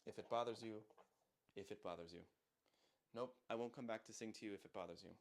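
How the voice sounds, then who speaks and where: A man's voice: fairly low pitch, fairly quick, a little hiss or hum. A man teaching a language through song lyrics, breaking each line down patiently and often checking in with "right?".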